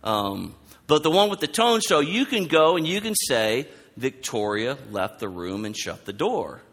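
A man preaching a sermon, animated, acting out quoted lines as he goes. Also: unhurried. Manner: animated, acts out quoted lines with rising pitch. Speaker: pastor. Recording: long hall reverb.

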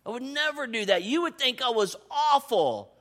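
At a normal speed and with an extremely high pitch, a man in his thirties, a pastor, gives a conversational, animated sermon. He moves from soft asides up to excited calls.

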